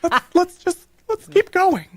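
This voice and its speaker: A man's voice: very high voice, big pitch swings, a little slow, pitched above the performer's own voice, full character voice. A man putting on a giggly lisping lady host. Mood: giddy. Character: high-pitched lisping perky woman host.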